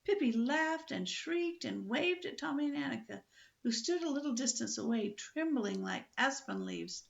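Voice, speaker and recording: An older woman reading a children's book aloud in a lively, expressive storytelling manner. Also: high voice, moderate pace, vocal fry, muffled recording.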